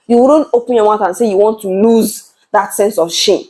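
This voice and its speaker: A woman's voice: mid-range voice, measured pace, a little mellow, low-quality recording. A young woman, speaking to camera as a channel host in a passionate, emphatic way and often repeating words as she builds her point. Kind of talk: earnest talk-to-camera commentary.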